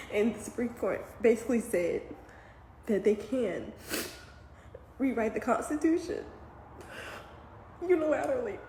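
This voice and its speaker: A woman's voice: medium pitch, mellow, roomy sound, a little hiss or hum, rough recording. A mother giving emotional commentary, earnest and close to tears, sometimes searching for words.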